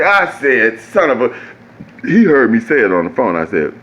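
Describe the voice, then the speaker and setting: A man, telling a profane, animated story that jumps high when he gets exasperated. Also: moderate pace, highs cut off, slight background noise. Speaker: vlogger. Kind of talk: casual storytelling.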